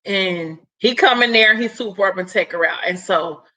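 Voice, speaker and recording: A woman casually retelling a novel's plot in an animated, chatty way, full of slang and "like". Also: mid-range voice, moderate pace, poor audio. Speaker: vlogger recapping a novel. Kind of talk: casual storytelling recap.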